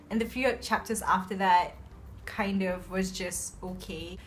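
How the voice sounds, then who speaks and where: A young woman chatting casually about books she loves, gushing and excitable, with lots of fillers. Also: mid-range voice, measured pace, a little hiss or hum. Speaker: book reviewer. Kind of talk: casual book review chat. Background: soft background music.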